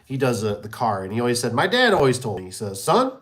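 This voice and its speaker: Talking fast in a sing-song, fairly bright medium-pitched voice, a man streams live and spins rambling anecdotes about running his small business. He tends to repeat himself and acts out whoever he's quoting.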